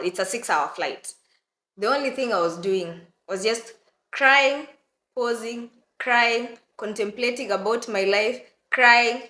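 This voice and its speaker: A young woman from Kenya telling a story to her viewers in a lively, dramatic way, often breaking into laughter. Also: mid-range voice, echoey room. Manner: animated, dramatic retelling with laughter and mock crying. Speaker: vlogger. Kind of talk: casual storytelling to camera.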